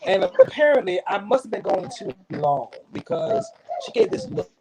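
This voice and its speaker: A man who is a bishop, telling animated stories in casual chat over a video call. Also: moderate pace, vocal fry, very noisy. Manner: animated storyteller, swooping pitch. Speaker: bishop and pastor.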